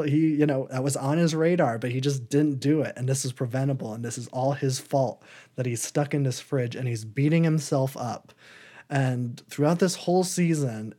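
A man's voice: mid-range voice, mellow. A man co-hosting a podcast, chatting casually and enthusiastically in long, rambling run-on sentences. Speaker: podcast co-host. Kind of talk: casual chat reviewing TV shows.

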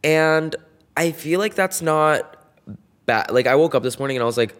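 A young man hosting a casual solo podcast, gossiping in a campy, playful way and swinging between loud bursts and soft asides. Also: fairly high pitch, lively intonation, moderate pace, clear, resonant tone. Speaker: podcast host.

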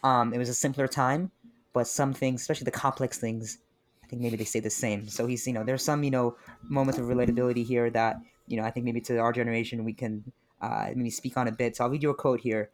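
A young man from New talks about books in a loose, joking way. He gets animated and laughs often as he goes. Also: medium pitch, quick pace. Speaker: podcast co-host. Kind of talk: casual chat about books.

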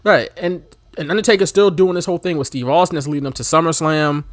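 A man co-hosting a casual wrestling chat, animated, laughing often and shouting out imitations of commentators. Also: on the high side, quick pace, no echo, studio quality. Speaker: podcast co-host.

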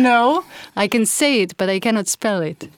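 A woman's voice: on the high side, expressive, moderate pace. A woman newscaster, a native Estonian speaker, chatting in English on a podcast with dry humor and frequent laughs. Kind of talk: casual chat. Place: recording studio.

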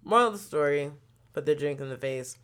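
Animated, profane young woman storyteller. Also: low-pitched, a little fast, clear, resonant tone. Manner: animated, profane, swings between loud outbursts and quiet muttering. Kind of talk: casual storytelling monologue.

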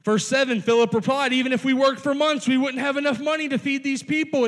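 High-voiced pastor in a reverberant hall. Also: male voice, fairly even intonation, a bit bright. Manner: conversational, with playful asides and quick restarts. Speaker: youth pastor. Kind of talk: sermon. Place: church sanctuary. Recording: long reverb of a large hall.

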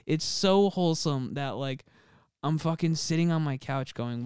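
A young man rambles through casual podcast chat, stacking fillers and swearing freely. His voice is smooth and resonant, recorded close and dry. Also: on the high side, unhurried, darkish tone, no echo. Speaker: podcast co-host.

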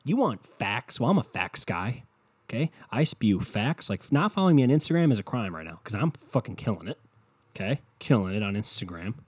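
Ranting into his desktop computer mic, this young podcast host rambles alone in his bedroom, profane and sarcastic. He speaks a little fast in a lowish voice with big swings in pitch and a breathy edge.

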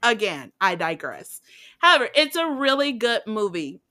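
A woman's voice: fairly high pitch, very animated, moderate pace, pushed and bright. A woman co-hosting a podcast in casual chat, blunt and profane, often laughing and going off on tangents. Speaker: podcast co-host.

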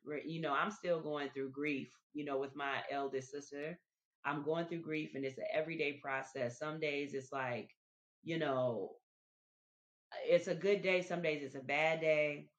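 A woman hosting a podcast, talking to listeners in a casual, reflective monologue, often repeating her words as she goes. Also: low voice. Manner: chatty, repeats words, addresses listeners directly. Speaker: podcast host. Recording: dull lo-fi recording.

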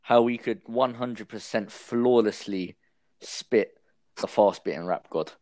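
Deadpan young guest, low voice. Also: male voice, unhurried. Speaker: podcast guest. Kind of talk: casual chat.

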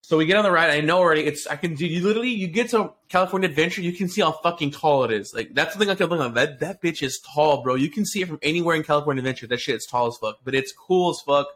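A man's voice: on the high side, racing, few pauses, a little hiss or hum. A man co-hosting a casual podcast, telling a long rambling story full of swearing, restarts and fillers. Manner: excitable, profane storyteller. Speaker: podcast co-host.

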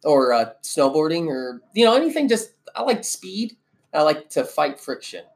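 A man from Iowa, relaxed and jokey, chatting as an interview guest. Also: on the high side, normal speed, creaky. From Cedar Rapids, Iowa. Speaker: school staff member, interview guest. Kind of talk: casual interview chat.

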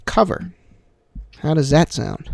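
A young man hosting a casual podcast, telling stories in an animated, jokey way that swings from quiet to loud. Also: fairly high pitch, takes it slowly, creaky, background noise. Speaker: podcast host.

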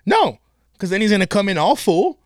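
A man's voice: high voice, brisk, no room sound, studio quality. A man hosting a casual, profane podcast chat, retelling a story and acting out the quoted people. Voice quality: animated, acts out quoted voices. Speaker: podcast host.

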